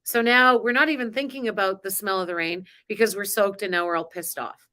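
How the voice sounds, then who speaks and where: Raised on a farm, this spiritual coaching live-streamer speaks in a mid-range voice with a sharp tone at a fairly quick pace. Her talk is casual, chatty, and emotional, broken up by frequent laughs.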